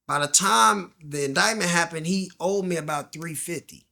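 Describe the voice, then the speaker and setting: A man's voice: high-pitched, fairly quick, gravelly, sharp tone. A man guest telling his story in slang, acting out the voices in quoted dialogue and dropping to a near-whisper at tense moments. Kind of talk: candid storytelling interview.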